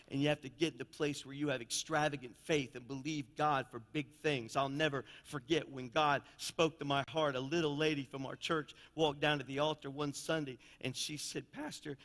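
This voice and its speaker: Bright-voiced pastor preaching in a reverberant church. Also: male voice, medium pitch. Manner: folksy storytelling preacher, swings from loud to quiet. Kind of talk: sermon. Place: church sanctuary.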